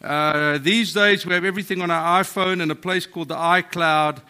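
A man's voice: sits high, steady tone, moderate pace, sharp tone, smooth. A man in his sixties with a South African accent, preaching a humorous, self-deprecating sermon in a church. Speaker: guest preacher. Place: church hall.

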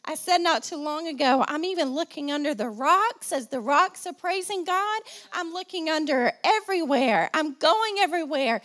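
A woman pastor with a high, light voice preaches to her congregation. She repeats phrases for emphasis and calls out for responses, and a slight cough sits in her throat. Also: lively intonation, normal speed, few pauses, fairly bright tone. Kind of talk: sermon.

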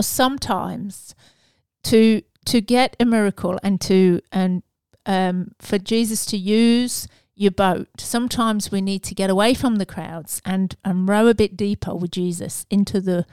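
A woman's voice: medium pitch, darkish tone, clear, resonant tone, no room sound. A woman preaching a casual devotional message in an earnest, conversational way, with fillers and restarts.

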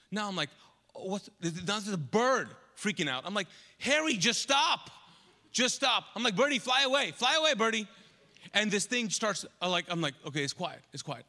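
A man preaching a sermon as a pastor, telling a comic story with lively quoted asides, recorded live in a church. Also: fairly high pitch. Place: large church auditorium. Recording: live church hall reverb.

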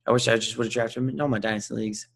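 Guy cohosting a fantasy football pod, rambly, filler-heavy, normal pitch. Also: fairly even intonation, rapid-fire, vocal fry. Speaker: podcast co-host. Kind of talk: casual chat.

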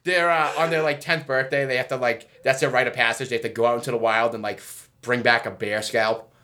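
A man from New England talks fast and loose with his buddies, hopping from one story to the next and swearing freely. His voice is bright and forward, and he laughs at his own tangents. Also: mid-range voice, steady tone, slight background noise. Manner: rambling, profane, laughs often, self-mocking. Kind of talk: casual banter.

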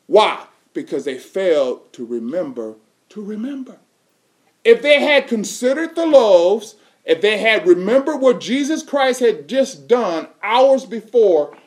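A male preacher delivering a sermon, reading scripture aloud and quizzing his congregation with fill-in questions in an emphatic way. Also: sits high. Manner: reads scripture aloud in King James wording.

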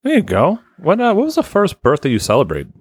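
A man's voice: a little high, wildly swooping pitch, fairly quick, breathy edge, no room sound, studio quality. A man hosting a casual podcast, reading listener lists in a loose, rambling way and swearing offhand. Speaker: podcast host.

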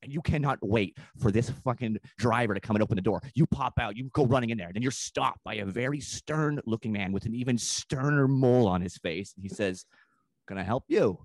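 A man who is a comedian guest on a podcast, telling a long comic story in a rambling, profane way and slipping into quick put-on voices. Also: mid-range voice, no echo.

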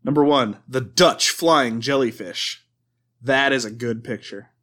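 A man's voice: medium pitch, unhurried, bright, forceful tone. A man hosting a casual podcast, reading items from a list aloud with frequent laughs and stumbles. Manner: swears and laughs at his own mistakes. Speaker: podcast host reading cryptid lore.

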